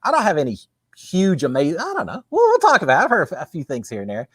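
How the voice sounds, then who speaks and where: A man's voice: fairly high pitch, wildly swooping pitch, very fast, fairly bright tone, slightly rough, no echo, studio quality. A man with a Texan accent hosting a casual live-stream chat, folksy and chatty, greeting viewers and reading their comments. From Texas. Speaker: livestream host. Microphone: webcam with green screen.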